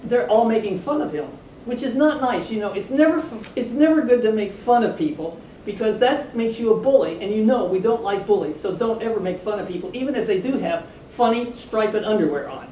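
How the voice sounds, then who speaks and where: A woman reads a picture book to children in a chatty, animated way, pausing to talk to her young listeners. She sounds a little far from the mic in a room that echoes, with a soft low rumble underneath. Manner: chatty, animated, adds asides to the kids. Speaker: storybook reader for children.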